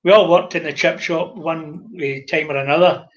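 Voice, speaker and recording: An older Scottish man, a former publican, telling lively stories in casual chat and acting out the dialogue. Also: fairly high pitch, normal speed, muffled recording. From Scotland. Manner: animated anecdotal storyteller, acts out dialogue.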